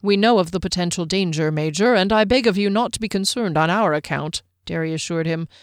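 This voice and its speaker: A narrator voicing a soft-spoken, diplomatic warrior man who speaks earnestly and respectfully. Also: mid-range voice, fairly quick, no room sound, studio quality, close to an everyday voice.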